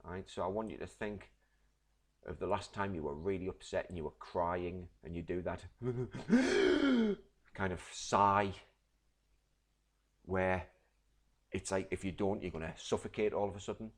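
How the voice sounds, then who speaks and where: A deep-voiced man teaches a recorded literature lesson. He explains patiently, step by step, and keeps checking in with his class. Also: fairly even intonation, moderate pace, pauses often. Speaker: English teacher.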